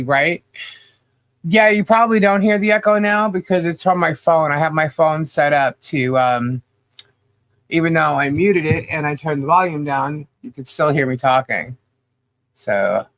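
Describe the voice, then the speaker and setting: High-voiced, stuffy-nosed man greeting viewers. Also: moderate pace, fairly bright tone, dry recording. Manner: upbeat, chatty, rattles off names. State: stuffy, slightly nasal from humidity and allergies. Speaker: livestream co-host. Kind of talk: casual livestream chat greeting viewers.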